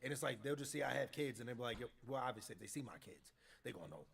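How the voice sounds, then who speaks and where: A man telling a story in casual chat on a gaming stream, animated and profane, full of street slang, acting out what people said. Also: medium pitch, very fast, vocal fry, husky, distant mic.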